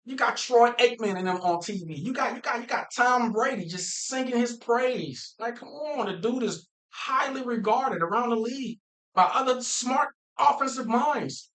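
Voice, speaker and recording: This football-fan vlogger has a very high, fairly bright voice at normal speed, captured on a low-quality recording. He rants casually and animatedly to his viewers, emphatic and repetitive, often restarting phrases.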